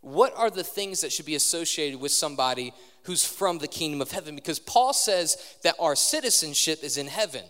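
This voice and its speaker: Young male preacher, higher voice, casual sermon with crowd questions, long church-hall reverb. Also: lively intonation, a little fast, few pauses, a bit bright. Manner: conversational, quizzes the audience. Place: large church hall with live audience.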